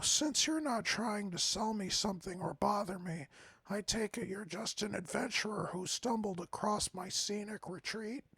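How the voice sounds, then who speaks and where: A man's voice: high voice, vocal fry, fairly bright tone, husky, dry recording, pitched above the performer's own voice, heavily acted. A man voicing a shy, anxious female pony author who stammers and uses fancy words, reading game dialogue aloud. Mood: prim.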